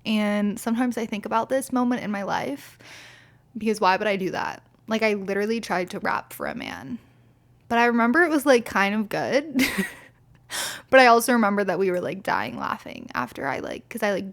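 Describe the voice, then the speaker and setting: In a casual storytelling monologue, a young woman hosting a podcast sounds blunt and exasperated, swearing freely and peppering her speech with "like." Her gravelly voice is medium in pitch, brisk, with lively intonation.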